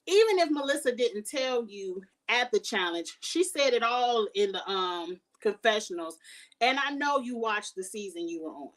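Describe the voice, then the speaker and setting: A woman's voice: on the high side, animated, normal speed, far from the mic. A woman hosting a casual review vlog, recapping a reality show in a sassy, shady, blunt way.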